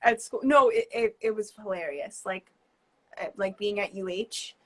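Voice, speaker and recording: Speaking in a mid-range, slightly bright voice on a low-quality recording, a woman in her twenties from New Jersey chats casually as a guest artist over video call. Her New Jersey accent comes through as she rambles, hesitates, and fills space with fillers and quick laughs.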